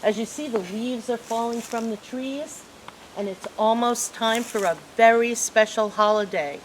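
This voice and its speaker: A woman's voice: on the high side, a little slow, a little hiss or hum. A woman librarian reading picture books aloud at a children's storytime, asking the children questions. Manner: animated, asks children questions.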